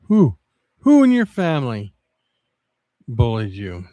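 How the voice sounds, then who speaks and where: A man livestreaming, chatting casually with viewers in a rambling, halting way with many restarts. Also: medium pitch, wildly swooping pitch, dark tone, dry recording.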